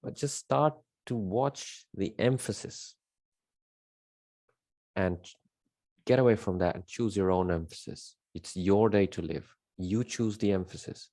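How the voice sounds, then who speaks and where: Deep-voiced man, dry close sound. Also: measured pace, mellow, dry recording. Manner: emphatic, repeats key words, rambling with fillers. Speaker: spiritual teacher. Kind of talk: unscripted spiritual monologue.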